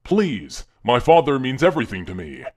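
A man voicing an earnest young girl who pleads for her cursed father, in a comedic fan dub, with a voice oddly low for a girl. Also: huge pitch swings, normal speed. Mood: pleading.

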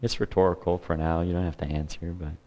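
Man, very low voice, casual humorous sermon, church pastor. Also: little pitch movement, fast, lo-fi sound. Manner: conversational preaching with humor and asides.

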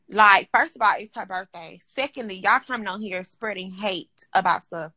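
A woman co-hosting a casual livestream chat, animated and teasing, often breaking into laughter. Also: medium pitch, a little slow, no room sound.

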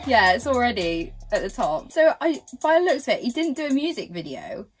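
A woman's voice: high voice, wildly swooping pitch, moderate pace, husky, soft background music. A young woman giving casual, chatty reaction commentary at home, full of fillers and giggles. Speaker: reaction vlogger.

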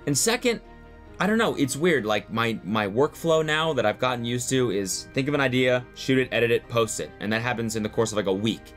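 A man narrates his own vlog with lively, swinging intonation, reading comments and reflecting out loud. Soft music plays faintly underneath his mid-pitched voice. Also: brisk. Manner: animated, reflective, reads comments aloud. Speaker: video creator.

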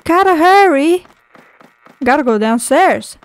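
A woman's voice: high-pitched, animated, slow, low-quality recording. A woman playing a horror game on video, jumpy and swearing constantly, shrieking at scares. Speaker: gaming video creator. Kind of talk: horror game playthrough commentary.

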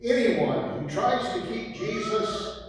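A man's voice: extremely high pitch, very animated, takes it slowly, noisy background. A man preaching a sermon as pastor, asking the listeners pointed rhetorical questions. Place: church sanctuary. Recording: echoey sanctuary from far off.

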